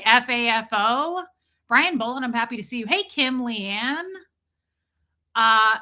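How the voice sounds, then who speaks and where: Bright-voiced chatty woman streamer. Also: fairly high pitch. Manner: chatty, swears freely, greets viewers by name. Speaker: live-stream host. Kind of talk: casual live-stream chat.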